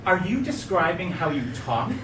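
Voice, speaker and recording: A man's voice: sits high, sing-song, moderate pace, a crowd in the background. An actor playing a skeptical man, speaking in a bemused and increasingly exasperated way. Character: skeptical man questioning a stranger. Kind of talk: stage play acting. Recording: echoey hall, distant mic, loud noise.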